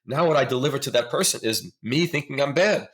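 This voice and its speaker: A man's voice: mid-range voice, expressive, quick pace, a bit bright. A middle-aged man speaking as a therapist guest in a conversational interview, earnest and emphatic, explaining ideas through examples.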